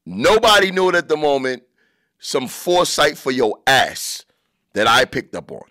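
Bright, joking podcast host. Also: male voice, medium pitch, moderate pace, no room sound, studio quality. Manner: crude, joking, animated commentary. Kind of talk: casual podcast monologue. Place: his own podcast studio.

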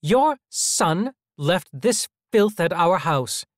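A man's voice: high voice, very animated, slow, no echo, studio quality, pitched above the performer's own voice, exaggerated voice. A man voicing a prim, disapproving middle-aged mother who is scandalized.

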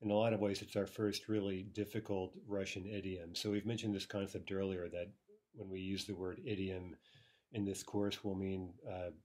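Male teacher, low-ish pitch, patient explanatory lecture delivery. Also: level tone, normal speed, darkish tone. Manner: explanatory, frequent "right?" checks, some filler "uh". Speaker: language teacher. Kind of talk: recorded video lecture.

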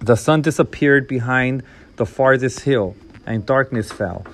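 A man reading a novel aloud in a steady, measured storytelling manner. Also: medium pitch. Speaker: reader.

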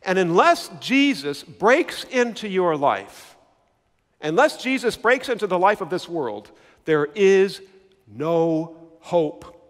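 High, lively-voiced preacher man. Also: takes it slowly, big-room sound. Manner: emphatic, repeats key words, asks the congregation questions. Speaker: pastor. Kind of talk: sermon.

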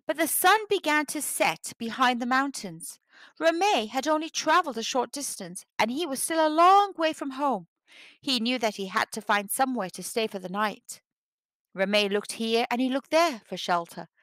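Storyteller, female, fairly high voice, animated delivery, dry close sound, children's read-aloud. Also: moderate pace, no room sound.

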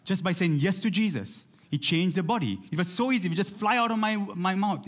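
A man preaching a lively sermon in church, calling out to his congregation and urging them to respond. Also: high voice, a little fast, hardly any pauses. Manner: animated, rallies the congregation with call-outs. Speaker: pastor.

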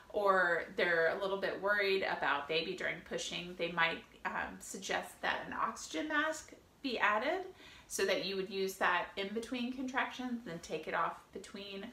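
Bright-voiced woman teaching birth prep. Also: medium pitch, reverberant. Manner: friendly, lively, with fillers and laughs. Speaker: birth educator. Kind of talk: educational video talk.

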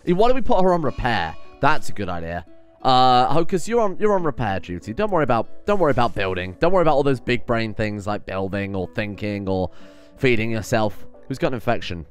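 A man giving casual let's-play commentary, often exasperated, swearing and swinging loud when things go wrong. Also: mid-range voice, sing-song, brisk, soft background music. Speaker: gaming commentator.

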